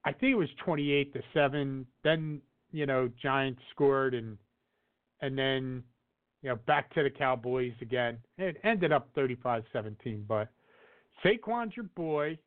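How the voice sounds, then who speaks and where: A man's voice: mid-range voice, measured pace. A man co-hosting a casual sports talk show, rambling with lots of fillers and restarts. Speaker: podcast co-host. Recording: tinny phone-like audio.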